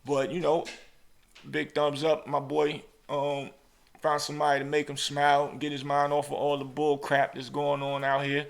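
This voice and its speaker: A man's voice: a little high, normal speed, vocal fry. A male podcast host telling casual stories and acting out voices in his anecdotes. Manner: animated, acts out voices in anecdotes. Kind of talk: casual storytelling chat.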